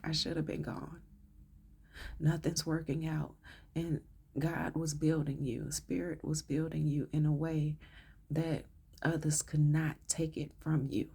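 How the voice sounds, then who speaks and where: A woman with a low, gravelly, husky voice gives a channeled tarot reading. She speaks in an emotional, affirming way and often drops into soft whispers. Her tone is dark and mellow. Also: little pitch movement, unhurried. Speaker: tarot reader.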